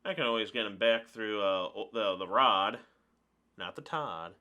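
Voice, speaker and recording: A man giving live commentary over his own card game match, chatting through each move out loud. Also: on the low side, animated, normal speed, lo-fi sound. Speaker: card game video creator.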